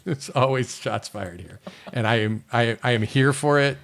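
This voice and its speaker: A man's voice: mid-range voice, moderate pace, gravelly. A man co-hosting a podcast in casual chat, wry and joking, often breaking into laughter while reading a listener email aloud. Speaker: podcast co-host.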